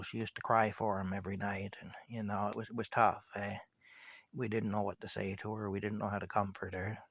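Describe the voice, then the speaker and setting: A man's voice: on the low side, creaky, a bit bright, no room sound. An older man telling a personal story in a casual, rambling way, often saying "anyway" and "you know".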